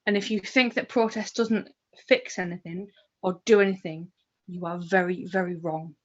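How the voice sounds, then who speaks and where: A woman speaking forcefully and emphatically as a guest in a political panel discussion. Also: fairly low pitch, steady tone, moderate pace. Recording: dull lo-fi stream audio.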